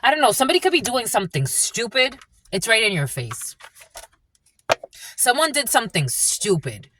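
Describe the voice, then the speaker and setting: A woman's voice: fairly high pitch, very animated, normal speed, noisy background. A woman giving a rambling, blunt and profane channeled reading in a casual monologue. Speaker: spiritual channeler and tarot reader.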